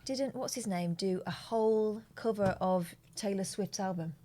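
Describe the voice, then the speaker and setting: A woman's voice: mid-range voice, unhurried, dark tone. A woman co-hosting a live call-in show, chatting casually and playfully. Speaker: co-host.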